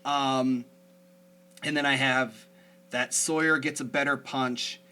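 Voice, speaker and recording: A man's voice: medium pitch, steady tone, slow, crowd noise. A man hosting a casual podcast chat, rambling with lots of fillers. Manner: chatty, rambling, many fillers. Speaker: podcast host.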